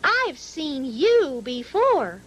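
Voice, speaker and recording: Woman putting on a shrill lazy mother bird. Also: big pitch swings, extremely slow, full character voice. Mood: delighted. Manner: shrill, squealing. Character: lazy flighty female bird, shrill and bossy.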